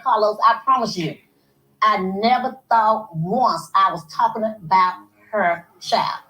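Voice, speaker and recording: A woman's voice: medium pitch, lively intonation, takes it slowly, a bit bright, echoey room, slight background noise, low-quality recording. A woman heatedly retelling an argument, acting out both sides in quoted lines. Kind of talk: animated storytelling on a livestream.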